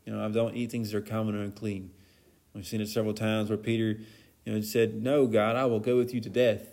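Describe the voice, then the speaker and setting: A man's voice: on the low side, flat delivery, a little fast, creaky, a little mellow. A man giving an informal Bible lesson in a casual, conversational way, with plenty of fillers and asides. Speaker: Bible study teacher.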